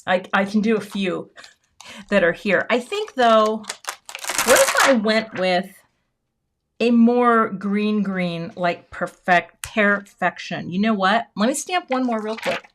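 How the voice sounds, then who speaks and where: A woman's voice: mid-range voice, animated, takes it slowly, a bit bright. This is a chatty American woman hosting a live crafting stream. She talks loosely as she works, greeting viewers by name and poking fun at herself. A faint hiss of noise sits under her voice. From United States. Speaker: card-making livestream host. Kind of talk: casual live crafting chat.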